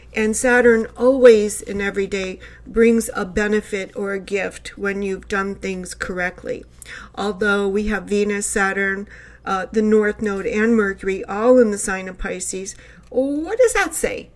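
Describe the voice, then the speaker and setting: A woman astrologer talking casually to her viewers in an earnest, loosely rambling way. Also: mid-range voice. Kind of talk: casual vlog monologue.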